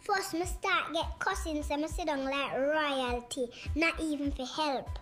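Bright high Jamaican girl's comic rant. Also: a little slow, faint music behind. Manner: cheeky, complaining storyteller. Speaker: comedic performer. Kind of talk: comic monologue in patois.

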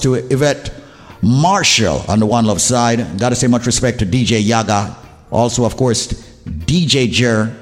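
A Jamaican man hosts a radio show, speaking emphatically and with strong opinions. His voice carries a long reverb tail, and faint music plays behind him. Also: medium pitch. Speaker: radio host. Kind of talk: casual radio talk.

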